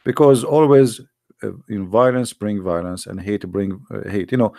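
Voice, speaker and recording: Non-native male commentator, low gravelly voice, argumentative and repetitive, dry close recording. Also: steady tone, dark tone, no room sound. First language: not English. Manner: argumentative, repeats himself, halting non-native English. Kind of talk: casual heated monologue.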